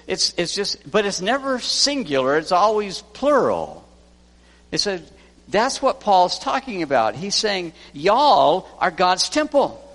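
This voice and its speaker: Man preaching a sermon, gravelly voice, lively rising and falling pitch, slow deliberate delivery, long reverb of a big sanctuary. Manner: emphatic preaching, swinging from loud to hushed. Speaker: pastor.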